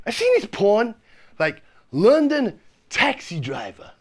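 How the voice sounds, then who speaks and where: A man's voice: high-pitched, huge pitch swings, slow, breathy edge, full character voice. A man voicing a crude, swaggering American bus passenger who swears constantly.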